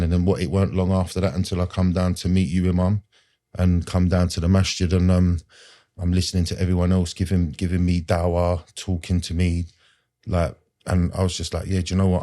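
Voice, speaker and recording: A man's voice: deep voice, dark tone. A man, a podcast guest telling his personal story in an earnest, rambling way with street slang and lots of fillers.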